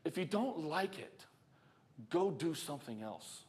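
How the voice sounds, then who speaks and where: A man's voice: fairly high pitch, very animated, unhurried, a little mellow, a little hiss or hum. A man preaching in a church, telling a work story in a casual, chuckling way and talking straight to the congregation. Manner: conversational, chuckling, talks to the congregation. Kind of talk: storytelling sermon. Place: church sanctuary.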